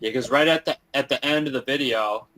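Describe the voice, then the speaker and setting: A man's voice: medium pitch, a little fast, bright, forceful tone, a little hiss or hum, low-quality recording. A man on a casual live call, talking hesitantly with restarts and fillers. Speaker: participant on a chart analysis call.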